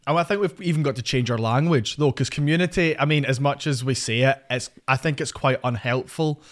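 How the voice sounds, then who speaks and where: A young man with a Northern Irish accent, co-hosting a faith podcast in an earnest, soft-spoken way. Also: medium pitch, fairly quick. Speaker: podcast co-host. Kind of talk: casual chat, faith podcast.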